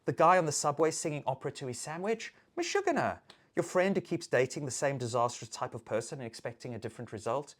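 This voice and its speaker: A woman in a casual, profane monologue, ranting in an animated, theatrical way. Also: a bass voice, fast, few pauses. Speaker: video maker.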